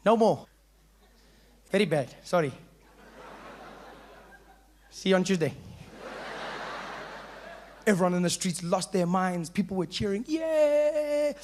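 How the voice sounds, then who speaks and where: A young South African man doing animated stand-up storytelling, acting out voices as he goes. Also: sits high, slight background noise. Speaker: stand-up comedian.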